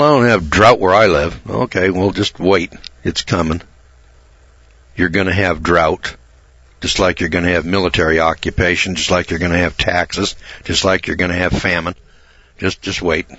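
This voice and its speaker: An American man hosting a talk radio show, rambling and emphatic in a folksy way, often clearing his throat. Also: low-pitched, a bit bright, no room sound, lo-fi sound.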